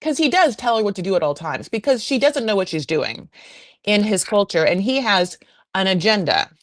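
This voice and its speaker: A woman's voice: mid-range voice, very animated, moderate pace. A woman hosting a podcast, recapping a reality show in a chatty, gossipy way full of fillers. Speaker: podcast host.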